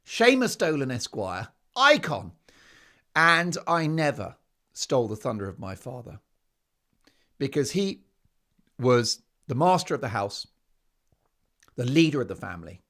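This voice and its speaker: A man's voice: mid-range voice, sing-song, measured pace, long pauses, a bit bright. A man hosting a talk show, delivering an emphatic, sarcastic opinion monologue full of rhetorical questions.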